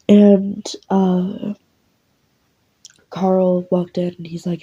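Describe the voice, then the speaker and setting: A woman narrating an audio role-play in second person, casual and loose, with frequent fillers and swearing. Her voice is low, dark and gravelly, with a husky texture. The recording sounds dull and lo-fi. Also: level tone, drawn-out words, long pauses. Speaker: voice actor narrating.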